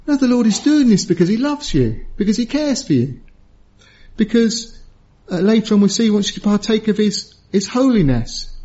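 Man, preacher, evening sermon, high voice, earnest, repeats words, dull lo-fi church recording. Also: a little mellow. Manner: earnest, repeats words while searching for the next.

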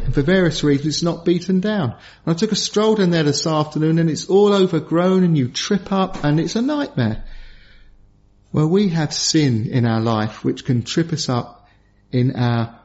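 A man preaches, his voice pitched high for a man. He talks earnestly and slows down to stress his main points. The recording sounds dull and lo-fi. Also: a little mellow. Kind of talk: sermon.

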